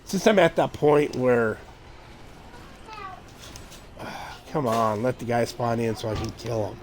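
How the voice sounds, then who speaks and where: Slow-talking middle-aged male streamer. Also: mid-range voice, crowd noise. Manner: rambling, relaxed, thinking aloud with fillers. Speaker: video game streamer. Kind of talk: casual gameplay chatter.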